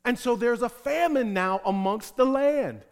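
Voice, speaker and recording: A man preaching a sermon as pastor, animated, acting out the voices of the people in the text. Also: very high-pitched, a little slow, clean tone, in a large hall.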